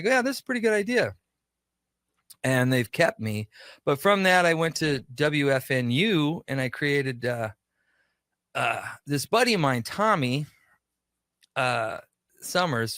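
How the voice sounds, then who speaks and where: With a medium-pitched, slightly bright voice and no room sound, this radio show creator from Minnesota tells stories casually as a studio guest, performing the dialogue himself.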